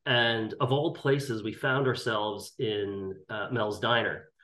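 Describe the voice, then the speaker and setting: A man's voice: lowish voice, takes it slowly. Storyteller man in an echoey room. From Ireland. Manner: animated anecdotal storyteller. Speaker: guest. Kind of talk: casual interview chat. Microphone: video call.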